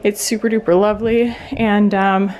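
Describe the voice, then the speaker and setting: A woman's voice: mid-range voice, flat delivery, moderate pace, darkish tone, slight background noise. A young woman chatting casually to camera in a home vlog, full of fillers and little laughs. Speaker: vlogger.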